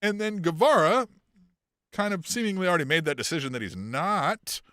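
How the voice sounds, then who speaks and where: A man co-hosting a casual wrestling podcast, talking in a profane, animated way and laughing often as he goes. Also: sits high, normal speed, no echo, clean studio sound. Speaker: podcast co-host.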